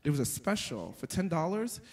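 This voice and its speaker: A young man performing a stand-up comedy set, telling stories with animated delivery and jumping into high squeaky voices for the characters. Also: fairly quick. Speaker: stand-up comic.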